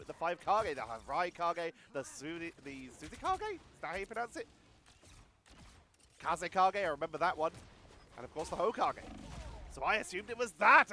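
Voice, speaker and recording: A man casting a competitive video game match live, giving rapid play-by-play and chatting about viewer comments. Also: high-pitched, a little hiss or hum. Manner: rapid excited play-by-play, talks to chat. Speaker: esports caster.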